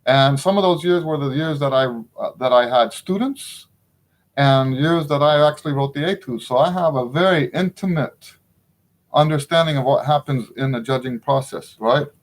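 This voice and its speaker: A man's voice: medium pitch, normal speed. A middle-aged man teaching trumpet in a casual spoken lesson, frank and opinionated, often checking in with the listener.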